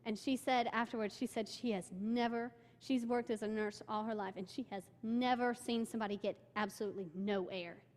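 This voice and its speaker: Young woman, slightly high voice, eager church talk with plenty of fillers, long hall echo. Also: fairly quick, few pauses. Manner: excitable storytelling, many "like" fillers. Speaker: church member giving a mission trip report. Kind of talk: informal talk with slides. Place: church sanctuary.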